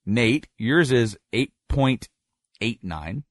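A man hosting a casual podcast over a call, rambling and correcting himself as he talks, with bursts of excited laughter. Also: mid-range voice, takes it slowly, dry recording, studio quality. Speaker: podcast host.

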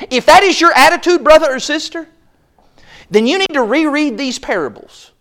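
High-voiced impassioned male preacher. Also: animated, moderate pace. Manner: impassioned, builds to loud exclaims, acts out quoted voices. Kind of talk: sermon. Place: church service.

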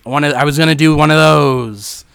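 A man's voice: fairly high pitch, normal speed, creaky, fairly bright tone, clear, resonant tone, no room sound. A man impersonating a male movie star who sounds like a scary person trying to sound nice. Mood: eager. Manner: sinister false friendliness.

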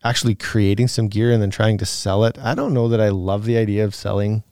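A man co-hosts a podcast Q&A and thinks aloud as he goes, with plenty of fillers and easy laughs. His voice is smooth and resonant and sits fairly low. The close mic gives a dry, studio sound. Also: fairly even intonation, fairly quick, darkish tone, no room sound. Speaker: podcast co-host answering listener questions. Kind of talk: casual podcast Q&A chat.

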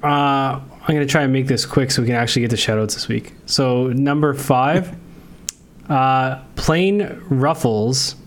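A man co-hosting a casual podcast, enthusiastic and relaxed, often trailing off mid-sentence. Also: mid-range voice, unhurried. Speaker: podcast co-host.

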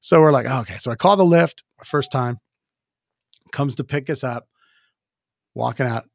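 A man guest telling a story in casual conversation, animated and acting out the voices he quotes. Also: medium pitch, normal speed, vocal fry, no echo, studio quality.

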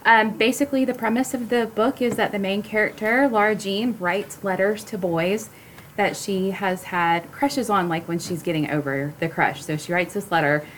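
A woman's voice: mid-range voice, steady tone, normal speed, a bit bright, slight background noise, poor audio. Upbeat woman summing up a book. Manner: upbeat, explains book plots plainly. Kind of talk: casual chat among friends.

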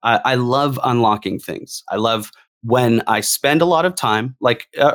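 A man speaking as a longtime gamer in a casual discussion, talking in an animated, emphatic way and repeating phrases for emphasis. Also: mid-range voice, measured pace. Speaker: guest gamer.

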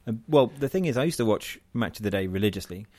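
A man's voice: on the low side, animated, fast talker, a little mellow. Wry ranting man from southern England. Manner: wry, ranting, self-deprecating. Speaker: podcast co-host. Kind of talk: casual chat.

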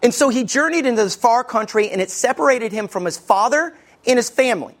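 A middle-aged man from Alabama with a Southern American accent, preaching a sermon as pastor in a conversational, lively way and talking straight to his congregation. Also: very high-pitched, brisk. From Alabama, USA.

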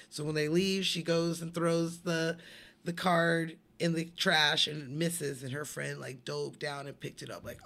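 A man co-hosting a casual movie podcast, telling stories in an animated way, acting out the people he quotes and swearing freely. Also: fairly high pitch, a little slow, vocal fry. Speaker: podcast co-host.

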